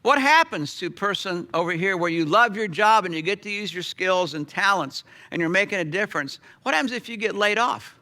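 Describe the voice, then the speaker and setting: A middle-aged pastor telling a story in a sermon, animated, with sudden drops to a hush. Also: male voice, high-pitched, brisk, few pauses.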